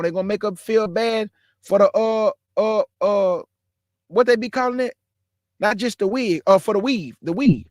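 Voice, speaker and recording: The speaker is a man in his forties with a voice that sits high, recorded dry with studio quality. As a caller on an online religious discussion, he preaches casually but emphatically, calling people bro and y'all.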